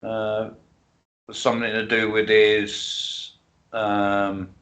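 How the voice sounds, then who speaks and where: A man's voice: fairly low pitch, flat delivery, a bit bright. Older man chatting offhand. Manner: halting, offhand. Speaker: stream co-host. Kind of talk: casual chat.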